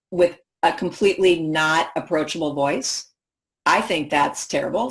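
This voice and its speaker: Woman workshop presenter, animated, question-driven delivery to a live audience. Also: fairly low pitch. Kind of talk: professional development workshop talk.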